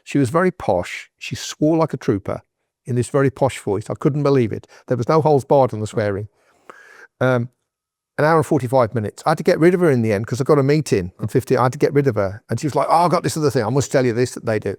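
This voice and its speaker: A man's voice: mid-range voice, expressive, quick pace, a little mellow, no room sound, clean studio sound. A man being interviewed on a podcast, giving advice in a direct, emphatic, conversational way. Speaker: guest entrepreneur.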